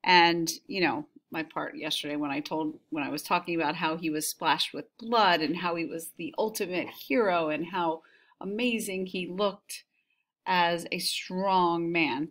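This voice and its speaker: A woman's voice: lowish voice, fairly even intonation, a little slow, a bit bright. Casual woman teacher explaining a text. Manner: casual, with frequent "right?" and fillers.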